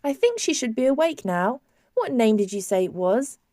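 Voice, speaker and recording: A woman voicing a kindly hospital nurse who speaks in a brisk, coaxing way. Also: on the high side, sing-song, warm tone, no echo, studio quality. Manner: coaxing, raised voice.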